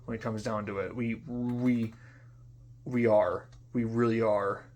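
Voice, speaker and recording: A young man in an unscripted monologue, venting in frustration, swearing often, repeating himself and trailing off into quiet mutters. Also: lowish voice, level tone, unhurried. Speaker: vlogger.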